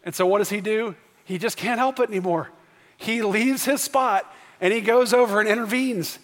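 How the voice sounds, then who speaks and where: A man's voice: high voice, normal speed, fairly bright tone. A man in his thirties preaching a sermon as pastor, telling family stories in a conversational way and building to emphatic questions. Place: church sanctuary. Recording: long church reverb.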